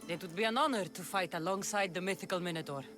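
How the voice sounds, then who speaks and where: An actress playing a wry, steady mercenary heroine, calm and matter-of-fact. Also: female voice, on the low side, fast, lightly acted. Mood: dry. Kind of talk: game cutscene acting. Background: game score music.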